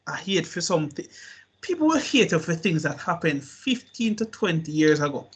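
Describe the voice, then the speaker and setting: A man co-hosting a podcast with a husky voice, ranting animatedly in slang-heavy casual chat. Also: a little high, sing-song, normal speed. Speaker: podcast co-host.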